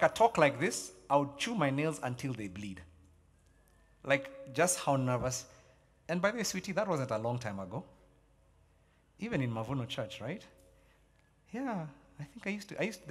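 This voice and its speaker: Emphatic pastor in a reverberant hall. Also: male voice, on the high side. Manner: emphatic, repeats key phrases, animated storytelling. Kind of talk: sermon. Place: large church hall. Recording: long church hall reverb.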